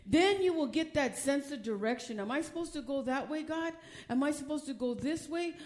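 A woman pastor preaching a sermon from the pulpit, emphatic and often asking the congregation questions. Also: high voice.

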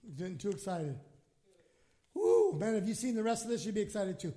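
High-voiced pastor preaching with passion. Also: male voice, expressive, very fast. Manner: impassioned preaching, swings from hushed to shouting; acts out quoted prayers in his own voice. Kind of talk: sermon.

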